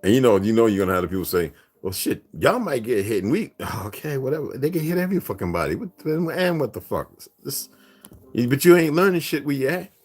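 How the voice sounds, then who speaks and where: A man's voice: medium pitch, sing-song, fast, darkish tone. A man hosting a casual livestream, rambling and profane, laughing often as he talks. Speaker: livestream host.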